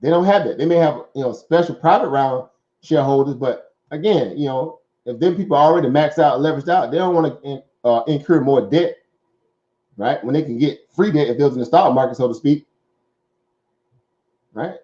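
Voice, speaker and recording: A stock market show host with a Southern accent talks casually in a slightly high, mellow voice at a brisk pace, recorded with lo-fi sound. He rambles conversationally, packing in fillers and "right?" asides.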